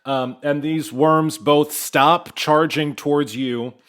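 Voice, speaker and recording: A man's voice: a little high, steady tone, slow, fairly bright tone. A man narrating as game master in a tabletop game, loose and conversational with frequent fillers.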